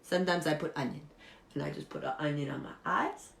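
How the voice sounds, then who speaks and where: A woman playing an eccentric woman who gives absurd beauty tips, talking earnestly and deadpan in broken English. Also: sits low, brisk, gravelly. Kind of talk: improvised comedy character monologue. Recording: echoey room.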